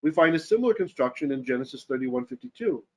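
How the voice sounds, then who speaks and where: A man's voice: a little high, very animated, quick pace, darkish tone. A man teaching a Torah lesson, reading Hebrew verses aloud and then translating and explaining them as he thinks them through. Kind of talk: Bible study lesson.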